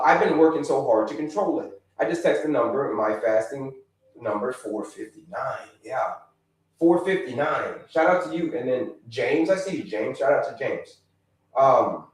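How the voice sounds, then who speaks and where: A man hosting a live health stream, talking with viewers in an energetic, repetitive way and giving them shout-outs. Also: on the high side, distant mic. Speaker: livestream host, health coach. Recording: echoey room, away from the mic.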